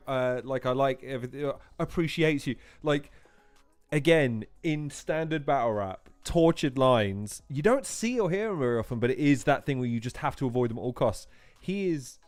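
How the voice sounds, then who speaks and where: A man's voice: mid-range voice, lively intonation, no room sound. A man hosting a live watch-along, reacting with frequent laughter and swearing. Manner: laughs and swears often, quick to exclaim. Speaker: host.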